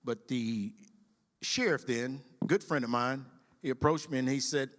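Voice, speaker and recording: A middle-aged man, a sheriff telling stories from his career as testimony in a church, acting out shouted lines. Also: mid-range voice, measured pace, big-room sound. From Mississippi. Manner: storytelling, dramatic shouted quotes. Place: church sanctuary.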